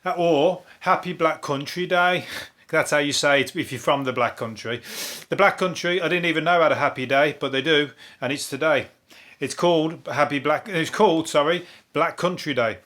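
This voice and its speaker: A man with a Brummie accent from Birmingham, hosting a comedy podcast in a rambling, chuckling monologue with dry deadpan asides and free swearing. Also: a little high, a little fast. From Birmingham, England. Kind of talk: casual topical comedy monologue.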